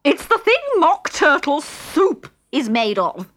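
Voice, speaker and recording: Shrill furious Queen. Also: sing-song, a bit bright, heavily acted. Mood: imperious. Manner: shrieking, drawn-out commands. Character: shrill imperious adult female queen, furious.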